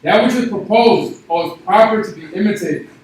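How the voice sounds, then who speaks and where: Distant man reading aloud in an echoey room. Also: high voice. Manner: slow, careful reading of definitions. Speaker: class participant reading aloud. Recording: very echoey room, far from mic.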